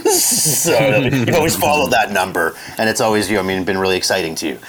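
A man with a low voice chats casually about sports. He agrees readily and laughs often, dropping a curse here and there. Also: big pitch swings, brisk, crowd noise, rough recording. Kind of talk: casual chat.

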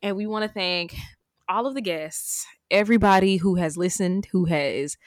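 A woman's voice: mid-range voice, normal speed, dry recording. Chatty young woman podcast co-host. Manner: chatty, animated storytelling with many "like"s. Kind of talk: casual chat.

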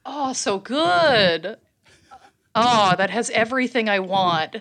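A woman's voice: fairly high pitch, animated, takes it slowly, crowd noise. A woman with a Canadian accent hosting a podcast, chatting enthusiastically and laughing often. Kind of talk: casual chat.

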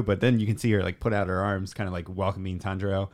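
A man with a fairly low voice talks through a show recap in a loose, rambling way. He keeps slipping in "like" and quick acted snippets of the characters' lines. It sounds like easygoing podcast chat. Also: steady tone, a little mellow. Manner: rambling retelling, acts out character lines, many "like" fillers. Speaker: podcast co-host. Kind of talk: casual episode recap chat.

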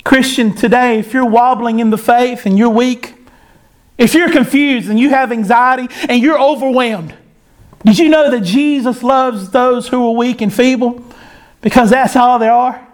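A man's voice: very high-pitched, moderate pace. A man preaching a sermon, in an impassioned cadence that rises and falls.

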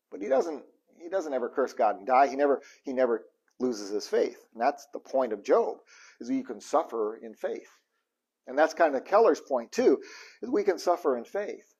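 A man giving a conversational sermon, animated and asking his listeners questions. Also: on the high side, husky. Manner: animated, asks the audience questions. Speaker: preacher.

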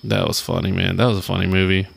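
A man chatting casually among friends, animated and laughing, retelling movie scenes. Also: quick pace, creaky. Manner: animated, laughing, breaks into high put-on voices for quotes. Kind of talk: casual chat.

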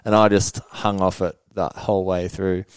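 A young man telling motocross race stories in a relaxed, rambling way, laughing now and then as a podcast guest. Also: low-pitched, normal speed, clear, resonant tone, no echo. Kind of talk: casual interview storytelling.

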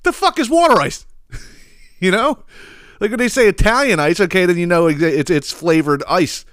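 A man's voice: sits high, sing-song, moderate pace, fairly bright tone, dry recording, studio quality. A man, hosting a comedic solo rant, swearing and exasperated. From Philadelphia area. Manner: profane, exasperated ranting with chuckles. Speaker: podcast host.

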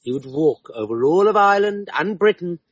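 A man telling a folk tale in an expressive, dramatic way, slowing down for emphasis. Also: high voice, husky, no echo. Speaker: storyteller. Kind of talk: oral storytelling of a folk tale. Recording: dull, slightly distant, harp music behind. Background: soft harp music.

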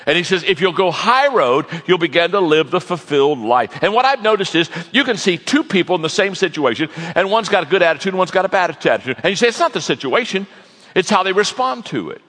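Animated folksy preacher in a hall. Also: male voice, sits high, fast, hardly any pauses. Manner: animated, folksy, joking storyteller. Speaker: pastor, guest speaker. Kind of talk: sermon. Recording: long reverb of a large hall.

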